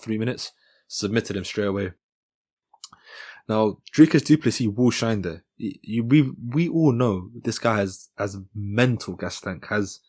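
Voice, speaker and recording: A man's voice: fairly low pitch, a little mellow. A man hosting his own channel, giving a casual, joking breakdown of upcoming fights and often correcting himself mid-sentence. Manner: chatty and joking, with frequent self-corrections. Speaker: MMA channel host. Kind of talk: casual fight-analysis commentary.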